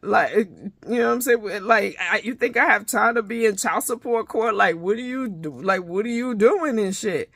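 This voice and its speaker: A woman's voice: mid-range voice, normal speed, fairly bright tone, no room sound, clean studio sound. A woman giving a casual, profane recap of a reality show episode, retelling scenes animatedly with many restarts. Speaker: reality TV reviewer.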